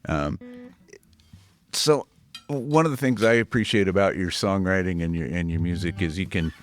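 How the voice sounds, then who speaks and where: A man hosting a radio interview from a studio, asking thoughtful, halting questions. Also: low-pitched. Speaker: radio host.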